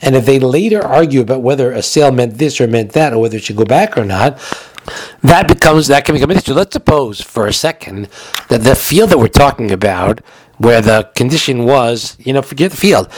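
A man's voice: medium pitch, animated, fairly quick, no room sound. A man giving a recorded halacha lesson in a chatty way, explaining with everyday examples, and he has the hiccups. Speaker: Torah teacher.

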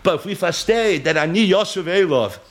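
A man giving a Torah lesson, reading verses and translating them line by line in an animated storytelling manner, acting out quotes with sudden exclamations. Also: sits high, fairly quick. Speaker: Torah teacher.

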